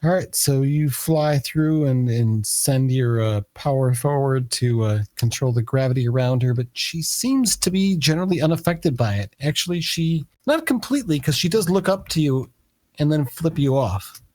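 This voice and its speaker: Game master, male, mid pitch, hesitant delivery, dry close sound. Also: moderate pace, darkish tone, no echo. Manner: hesitant, many fillers. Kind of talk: narrating a tabletop game.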